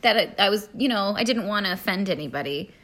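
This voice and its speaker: Lively-voiced woman co-host. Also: medium pitch, quick pace. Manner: frank, laughs often, gives advice. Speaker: podcast co-host. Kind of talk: casual chat.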